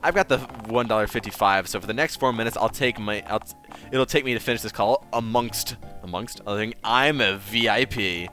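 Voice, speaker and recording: A man's voice: fairly low pitch, brisk, pushed and bright, soft background music. A man voicing a crude, bossy male mugger who calls a hotline in a game. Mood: sleazy. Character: sleazy brash male mugger caller.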